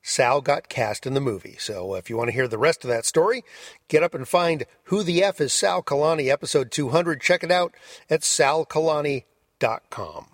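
A man hosts a podcast and introduces the next clip in a chatty way. His voice is husky, and his pitch moves in a lively way. The recording is dry and close. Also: normal speed, dry recording. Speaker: podcast host. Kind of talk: introducing clips.

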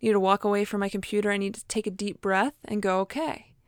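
A woman's voice: medium pitch, little pitch movement, quick pace, clear, resonant tone, dry recording, clean studio sound. A woman giving a casual motivational talk in a chatty, encouraging way, laughing often and acting out inner voices. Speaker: motivational speaker.

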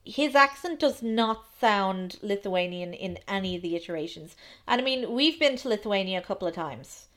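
A woman's voice: mid-range voice, lively intonation, moderate pace, a bit bright. A woman co-hosting a podcast, chatting analytically about film with plenty of ums. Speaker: podcast co-host. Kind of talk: casual film discussion.

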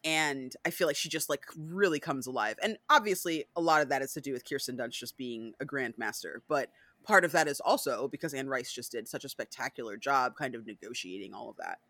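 A woman's voice: a bass voice, brisk, hardly any pauses, a bit bright, no echo. A woman hosting a podcast, chatting casually and animatedly, swearing freely and acting out movie lines. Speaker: podcast host.

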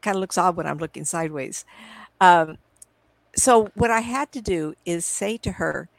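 A woman's voice: on the low side, moderate pace, creaky, no room sound, poor audio. A middle-aged woman, a psychic medium, chatting through a video call in a rambling way and quoting her own past conversations. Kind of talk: casual storytelling in a live video interview. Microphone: computer video call.

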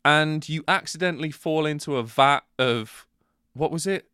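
A man co-hosting a casual film-review podcast, animated and sweary, acting out the lines he quotes. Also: fairly high pitch, moderate pace, clear, resonant tone, dry recording, clean studio sound. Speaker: podcast co-host.

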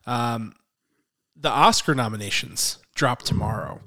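A man's voice: mid-range voice, unhurried, bright, forceful tone. A man hosting a movie podcast in casual chat, rambling with lots of fillers. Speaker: podcast host.

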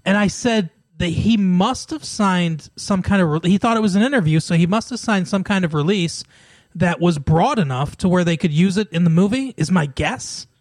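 A man with a fairly high voice talks through a casual podcast conversation, retelling scenes and laughing often. The sound is dry and close, with no room around it. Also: moderate pace, no echo. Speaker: podcast co-host. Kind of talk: casual chat.

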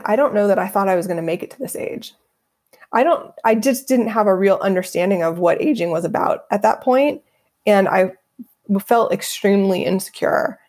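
A woman's voice: mid-range voice, darkish tone. A middle-aged woman who works as a feng shui practitioner, answering interview questions in an earnest, reflective way and laughing easily.

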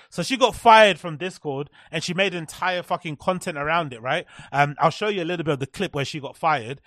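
A man with a high voice delivers sarcastic, profanity-laced commentary as a podcast host. His sound is dry and close, with no room around it. He slips into mocking impressions mid-rant. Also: a bit bright, dry recording. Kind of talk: comedic commentary on clips.

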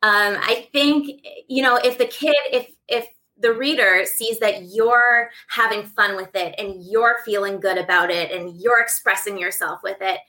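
A woman's voice: mid-range voice, measured pace, hardly any pauses, bright, forceful tone. A woman who writes children's books, talking casually in an interview in a bubbly, giggly way with many restarts. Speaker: children's book author and entertainer.

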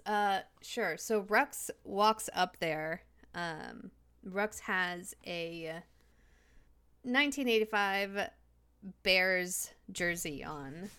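Woman gaming with friends online; unhurried, bright, lots of fillers. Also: medium pitch, smooth. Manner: relaxed, hesitant with fillers. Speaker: player. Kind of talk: tabletop game roleplay.

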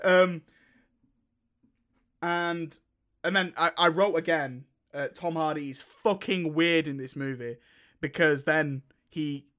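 A man's voice: a little high, fairly even intonation, takes it slowly, pauses often, a bit bright. A man co-hosting a casual film review podcast, rambling through the plot and laughing as he retells scenes. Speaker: podcast co-host.

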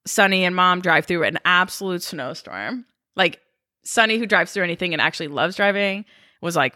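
Bright-voiced young woman telling stories. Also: fairly low pitch, moderate pace, dry recording, studio quality. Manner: animated, swearing, acts out quotes. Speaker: podcast co-host. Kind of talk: casual storytelling chat.

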